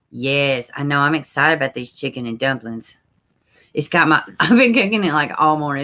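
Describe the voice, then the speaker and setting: A woman with an extremely low, pushed, bright voice hosts a true crime livestream. She chats casually with her viewers, reads their comments aloud, and uses folksy slang like "y'all."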